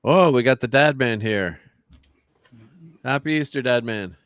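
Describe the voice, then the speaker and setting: A man's voice: mid-range voice, a little slow, fairly bright tone, clean tone, no echo. A man hosting a casual livestream chat, laughing often and trailing off mid-sentence. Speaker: livestream host.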